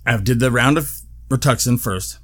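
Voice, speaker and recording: A show host gives a casual video update in a monologue, speaking at a moderate pace in a mid-range voice. He tells an animated story, swearing freely and laughing often.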